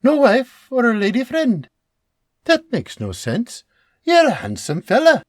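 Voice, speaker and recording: A man doing a brisk, practical older wife. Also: very high-pitched, wildly swooping pitch, no room sound, studio quality, voice pushed up, heavily acted.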